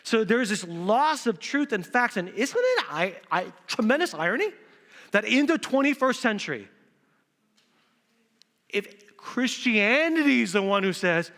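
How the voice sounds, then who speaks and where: A male pastor preaching an Easter sermon in a church, animated and acting out quotes in different voices. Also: high voice, a little slow. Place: church sanctuary. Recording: reverberant church hall.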